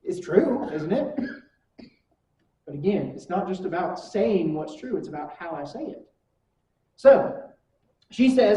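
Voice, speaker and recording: A woman leads a church class in an easygoing way, putting question after question to her listeners. Her voice is soft and mellow. She sounds set back from the microphone in a roomy, echoing space. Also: mid-range voice, animated, unhurried. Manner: asks the class rhetorical questions. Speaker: Bible class teacher. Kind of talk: conversational church lesson. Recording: echoey room from far mic.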